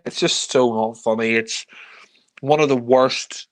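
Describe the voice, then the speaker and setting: A man's voice: medium pitch, steady tone, unhurried. Ranting man reviewing films. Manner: ranting, exasperated, heavy swearing. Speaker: film reviewer co-host. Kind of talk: casual film review chat.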